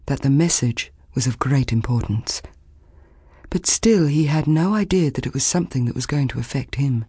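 A woman narrating a children's fantasy audiobook in a measured, expressive storytelling manner, recorded close in a studio. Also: rumbling low, slightly rough, dry recording. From Australia. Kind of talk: scripted narration.

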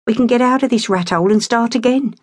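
A woman doing a brisk, proud mother. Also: a little high, a little mellow, dry recording, clean studio sound, pitched above the performer's own voice, close to an everyday voice. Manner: brisk, exasperated, fiercely proud. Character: hardworking, proud, stern working-class mother.

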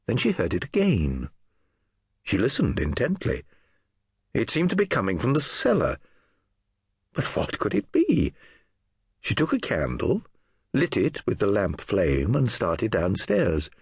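A man narrating a historical novel audiobook in an expressive storytelling manner. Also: fairly low pitch, measured pace, vocal fry, long pauses, husky, no room sound, studio quality.

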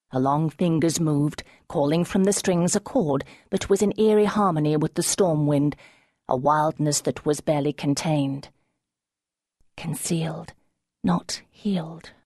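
A woman audiobook narrator reading a novel in measured, expressive scripted narration. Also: sits low, dry recording, studio quality.

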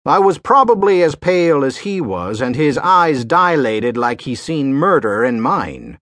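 Male narrator, slow folksy sailor-dialect drawl with an animated melody. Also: a little high, dry recording, clean studio sound. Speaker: audiobook narrator. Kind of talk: scripted audiobook narration.

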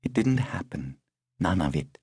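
A man's voice: low voice, sing-song, a little slow, darkish tone, slightly rough, dry recording, clean studio sound, exaggerated voice. A man reading the lines of a poised, wry older upper-class woman in an audiobook.

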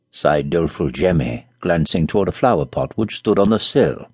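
A man gently reading a classic story aloud as an audiobook narrator, close to a studio mic. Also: very deep voice, normal speed, hardly any pauses, slightly rough, dry recording.

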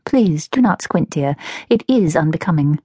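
A woman voicing a composed, proper elder sister in an audiobook, speaking in a measured, prim and polite way. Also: deep voice, lively intonation, warm tone, husky, no room sound, clean studio sound, exaggerated voice. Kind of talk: audiobook character voice.

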